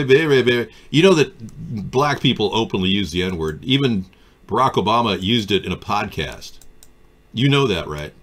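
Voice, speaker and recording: A male live stream host chats casually about politics, answering viewers in a sardonic, riffing way. His pitch swings around freely as he talks. Typing on a keyboard can be heard near him. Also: fairly bright tone. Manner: sardonic, riffs off viewer comments.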